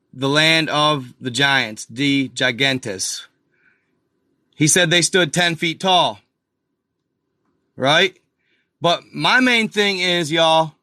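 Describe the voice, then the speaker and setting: A man hosts a live stream from a computer at home, talking slowly and loosely over a map and calling his viewers y'all. His voice is bright and sits a little high. The sound is dry and close, with the mic near him and almost no room around it. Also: dry recording. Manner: slow, rambling, addresses viewers as y'all; exasperated asides, mutters to himself. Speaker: channel host.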